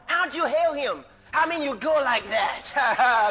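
A man preaching a fervent sermon, laughing and bursting into shouts of praise. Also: very high-pitched, animated, measured pace, few pauses, crowd noise, background noise. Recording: dull lo-fi recording with faint music.

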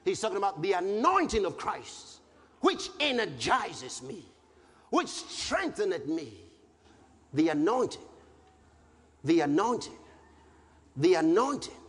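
A very high-pitched man preaches with a lively, swooping voice, slowing down to press each point. He repeats his phrases and bursts into shouted scripture. His voice rings through a large hall with faint noise behind it. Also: slightly rough. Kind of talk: sermon.

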